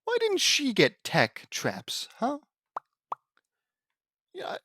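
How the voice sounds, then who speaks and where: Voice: sits high, wildly swooping pitch, slow, long pauses, fairly bright tone, husky, dry recording, studio quality. A fan fiction audiobook reader breaking off into rambling, exasperated commentary with frequent restarts. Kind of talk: casual reading with commentary.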